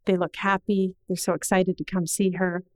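A middle-aged woman telling a personal story to an audience in an earnest, measured way, slowing down at the heavy moments. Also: fairly low pitch, little pitch movement, darkish tone, dry recording, rough recording.

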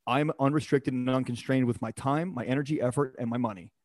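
A man's voice: medium pitch, steady tone, fast talker, darkish tone, no room sound. A man guesting on a podcast, talking about his personal mission in an emphatic, motivational way, blunt and with the odd swear word. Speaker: podcast guest, performance coach. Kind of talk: casual podcast conversation.

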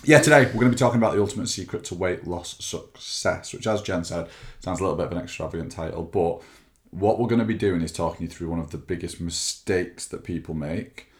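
A man's voice: low-pitched, quick pace. A young British man co-hosting a weight loss podcast, chatting casually and teasing his co-host. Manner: chatty, teasing, banter-driven. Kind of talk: casual chat.

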